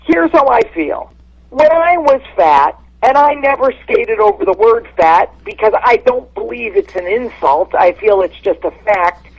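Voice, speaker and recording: A woman's voice: on the high side, animated, a little slow. Brash woman on a muffled phone line. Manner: blunt, brash insult-comic delivery. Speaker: guest comedian calling in. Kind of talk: phone-in podcast chat.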